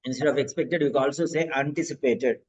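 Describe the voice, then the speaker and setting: A man's voice: medium pitch, fast, breathy edge. A male language teacher who encourages and corrects students' sentences during an online exam-prep class. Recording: dull lo-fi audio.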